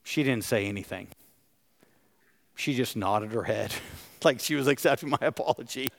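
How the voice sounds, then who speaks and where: A man's voice: mid-range voice, moderate pace, vocal fry. A middle-aged man, a pastor, preaching a sermon and asking his congregation questions. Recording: long hall reverb.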